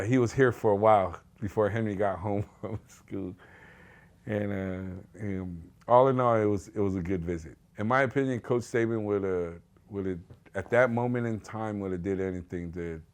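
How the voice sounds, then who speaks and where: A middle-aged father recounts family moments in an easy, storytelling way. His voice sits a little low. It is a sit-down documentary interview. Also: normal speed. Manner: conversational storytelling. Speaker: parent of an athlete.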